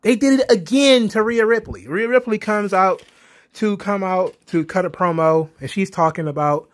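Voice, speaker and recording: A man's voice: sits high, moderate pace. A young man giving a casual, exasperated recap of a wrestling show, ranting with repeated emphasis.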